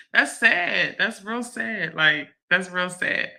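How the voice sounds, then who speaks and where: A woman, hosting a livestream and chatting to her viewers in a lively way, laughing often. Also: mid-range voice, slow pace, gravelly. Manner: animated, laughing, addresses viewers as y'all. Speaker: livestream host. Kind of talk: casual chat to a live audience.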